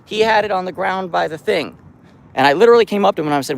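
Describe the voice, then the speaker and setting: Animated man with a gravelly voice. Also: fast. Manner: chatty, greets cats in a high sing-song voice. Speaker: vlogger caring for a street cat colony. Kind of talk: casual vlog talk to camera. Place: outdoors on a city street.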